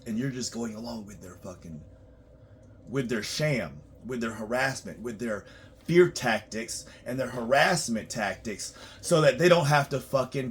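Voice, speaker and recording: A man working as a tax preparer, ranting bluntly and profanely in a monologue, swinging between loud outbursts and low muttering. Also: slight background noise.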